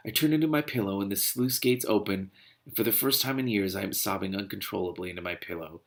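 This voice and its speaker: A man's voice: lowish voice, quick pace, vocal fry. A man reading a novel aloud and breaking off into indignant, exasperated commentary. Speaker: reader and commentator.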